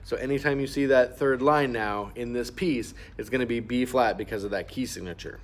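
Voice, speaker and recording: A man's voice: mid-range voice, brisk, over music. Patient man teaching clarinet. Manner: patient, explanatory, sings rhythms aloud. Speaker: band teacher. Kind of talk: instrument lesson walkthrough.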